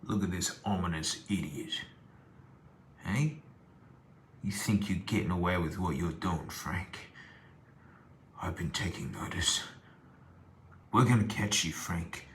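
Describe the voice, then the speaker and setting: Ominous deep-voiced stalker type, put on by a man, slow, hushed threats. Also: slight background noise, full character voice. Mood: menacing.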